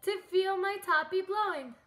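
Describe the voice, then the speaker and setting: A woman voicing a cheerful, excitable lady spider who loves fancy things, gushing in sing-song rhyme. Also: very high voice, measured pace, pitched above the performer's own voice, exaggerated voice. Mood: delighted.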